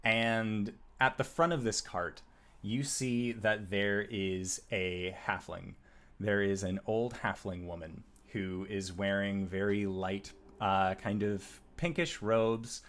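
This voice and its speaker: A man's voice: lowish voice, steady tone, slow, fairly bright tone. A man narrating as game master of a tabletop game, describing scenes with frequent "uh" fillers.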